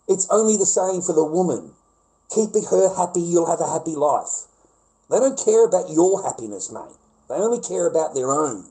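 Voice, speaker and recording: An Australian man talks in a rambling, profanity-heavy rant, circling back to the same phrases again and again. His voice sits fairly high for a man but has a warm, mellow tone. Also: low-quality recording. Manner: profane, rambling, repeats himself. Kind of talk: casual rant to a live audience.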